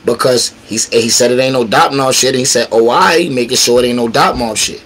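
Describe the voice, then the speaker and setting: A man's voice: mid-range voice, fairly quick, a bit bright, rough recording. A man telling a street story with slang, acting out quotes and sound effects. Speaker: battle rapper telling a story. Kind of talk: animated storytelling.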